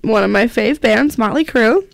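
This young woman co-hosts a loose radio chat with a fairly high voice. She is chatty and giggly and talks in quick bursts. The mood is friendly and informal throughout. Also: gravelly, no room sound, studio quality. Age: young adult. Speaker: radio co-host.

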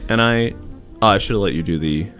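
A young man hosting a college radio show, chatting casually and excitably with his co-host in the studio. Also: fairly low pitch, brisk, faint music behind. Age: young adult. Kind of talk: casual on-air chat.

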